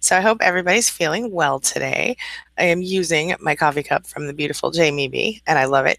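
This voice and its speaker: Gravelly-voiced woman hosting a friendly live chat. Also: low-pitched, a little fast, a bit bright, no room sound, rough recording. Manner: chatty and affectionate, greets viewers as honey. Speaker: host and coach. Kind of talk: live-stream chat, reading viewer comments.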